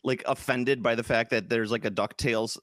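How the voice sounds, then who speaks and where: A man's voice: medium pitch, steady tone, brisk, a bit bright, no room sound, clean studio sound. A man co-hosting a casual tabletop gaming podcast, joking around and laughing often. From Polish family background. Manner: jokey, puts on silly accents, laughs often. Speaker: podcast co-host. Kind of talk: casual chat about tabletop games.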